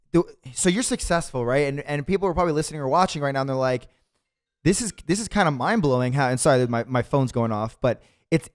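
A man hosting a podcast interview, talking in a casual, slangy, animated way. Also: medium pitch. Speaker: podcast host.

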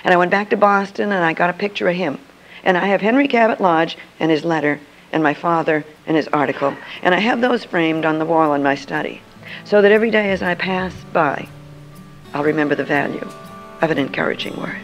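A woman's voice: fairly low pitch, fairly quick, soft background music, low-quality recording. An older woman, a Christian speaker, telling a personal story to an audience in an earnest, emphatic way.

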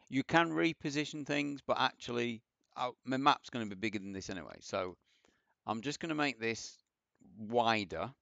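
This man speaks at medium pitch in a gravelly, slightly bright voice, casually musing through a screen-share coding lesson. A programming teacher, he rambles and pokes fun at himself while typing, all captured on a dull, dry, lo-fi mic.

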